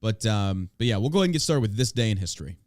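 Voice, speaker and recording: A man's voice: on the low side, animated, very fast. A man hosting a podcast in casual chat, blunt and opinionated, with crude banter. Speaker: podcast host.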